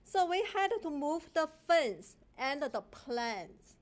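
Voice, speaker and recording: A woman with a Chinese accent speaks at a council podium, her voice set high. She is indignant and accusing, and her English is halting and broken. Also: very animated. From China. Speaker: public commenter. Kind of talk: public comment at a council meeting. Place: council chamber.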